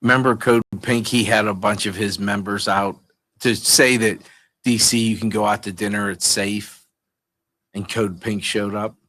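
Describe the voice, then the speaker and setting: A man co-hosting a talk radio show, bantering with wry, deadpan quips. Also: on the low side, normal speed. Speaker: radio co-host.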